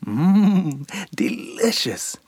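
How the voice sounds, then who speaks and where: A storybook reader voicing Namu, a greedy little sandfly, in a gleeful, raised put-on voice that slips into breathy whispers. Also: medium pitch, very animated, drawn-out words, a little mellow, dry recording, studio quality, pitched above the performer's own voice, exaggerated voice. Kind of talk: storybook read-aloud.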